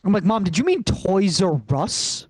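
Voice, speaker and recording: A man doing a rambling stand-up set over a video call, pausing often with ums and uhs. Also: high-pitched, very animated, no echo, poor audio. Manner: rambling, halting delivery with many fillers. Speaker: stand-up comedian.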